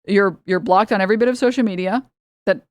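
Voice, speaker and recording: A woman's voice: medium pitch, quick pace, no echo. Young woman streamer, exasperated and sarcastic, close dry mic, mid-range voice, heated political commentary with bursts of laughter. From United States.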